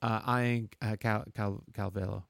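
A man co-hosting a casual sports chat, rambling and halting with lots of "uh"s and chuckles. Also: lowish voice, creaky, darkish tone, no echo, studio quality. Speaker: podcast co-host.

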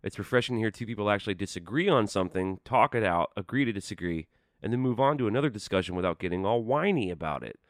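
A man's voice: lowish voice, lively intonation, fast, dry recording, studio quality. A man hosting a podcast, teasing his guest playfully and reading listener emails, with a slight lisp. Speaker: podcast host. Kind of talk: casual podcast chat.

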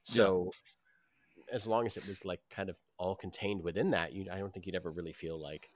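Deep-voiced man musing in dry chat. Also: brisk, fairly bright tone, dry recording. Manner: rambling, thoughtful with many fillers. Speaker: podcast co-host. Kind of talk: casual chat.

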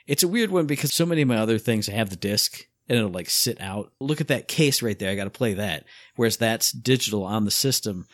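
Man, podcast co-host, casual chat, animated storyteller, dry close sound. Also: a little fast, hardly any pauses, no echo. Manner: animated storyteller, acts out his own inner voice with big pitch jumps.

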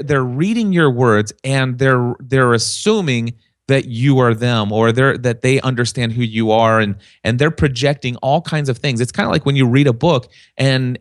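A man's voice: mid-range voice, no echo, clean studio sound. A man talking as a podcast guest, telling stories and acting out other people's voices in a casual chat. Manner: animated storyteller, acts out quoted voices.

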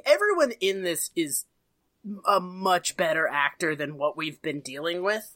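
A woman's voice: fairly low pitch, fairly bright tone, dry recording. A woman co-hosting a podcast in casual chat, joking and laughing often as she recaps an old TV show. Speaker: podcast co-host.

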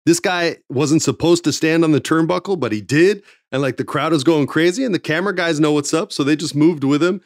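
A man, a former wrestling TV writer, telling a casual backstage story with lively acted-out quotes and free swearing. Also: on the high side, a little fast, few pauses, no room sound, clean studio sound. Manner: animated, swears freely, acts out quotes.

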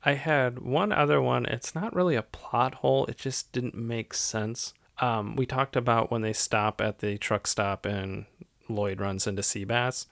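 A man co-hosting a podcast, chatting casually about a movie, animated and often laughing as he recounts scenes. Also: mid-range voice, a little slow, vocal fry, no echo, studio quality. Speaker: podcast co-host. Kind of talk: casual movie-review chat.

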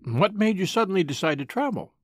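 A man's voice: high-pitched, big pitch swings, fast, no echo, clean studio sound. A man voicing Ruth, an eager, troubled rich woman. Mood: chatty. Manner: eager, pleading. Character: wealthy, spoiled young woman, restless and distressed.

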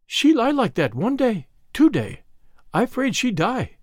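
A man voicing a fierce young foreign maid who speaks in broken English, in a high, slow voice. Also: sing-song, no room sound, studio quality. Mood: anxious. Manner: broken English, short blunt phrases.

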